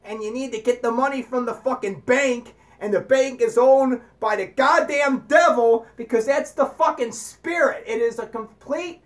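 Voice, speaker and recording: Profane ranting woman, high voice. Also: moderate pace, hardly any pauses. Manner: heavy swearing, emphatic repetition. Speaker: channel host. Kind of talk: profane spiritual rant.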